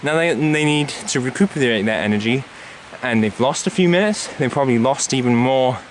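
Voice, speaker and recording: A man with a mid-range voice vlogs on a handheld camera while climbing an uphill trail, panting a little as he goes. He talks casually, animated and fairly quick, rambling and musing with plenty of filler words. There's a faint hiss or hum in the recording.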